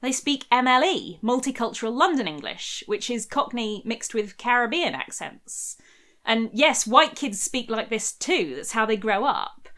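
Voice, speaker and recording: A woman's voice: on the high side, big pitch swings, a little slow, fairly bright tone. A young woman narrating a scripted history video essay in a wry, conversational way.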